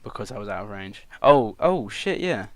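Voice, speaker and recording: A man's voice: lowish voice, sing-song, normal speed, fairly bright tone. A man playing a tabletop game, talking casually and bluntly, swearing often and joking. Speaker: player.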